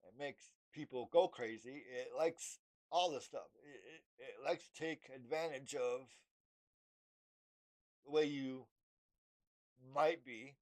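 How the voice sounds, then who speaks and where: A young man rambles to his camera in a casual, halting monologue, full of fillers and restarts. His voice sits in a middle pitch for a man. He keeps acting out both sides of imagined exchanges. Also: darkish tone. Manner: halting, many fillers and restarts, acts out dialogue. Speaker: vlogger.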